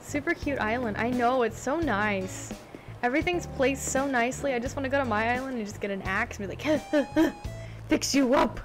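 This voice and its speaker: A woman's voice: fairly high pitch, normal speed, rough recording. A young woman in casual reaction commentary, touring a video game island and gushing, repeating words as she reacts. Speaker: gaming vlogger. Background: game background music.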